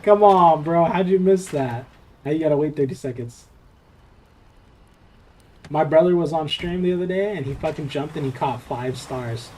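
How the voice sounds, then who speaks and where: A young man's voice, on the high side and a little mellow, comes through with slight background noise. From Southern California, he streams a game and chats casually, swearing and wandering from topic to topic.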